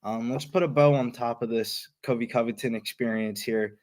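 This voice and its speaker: A man on a live betting stream calmly giving his fight pick, with a few hesitations. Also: medium pitch, moderate pace.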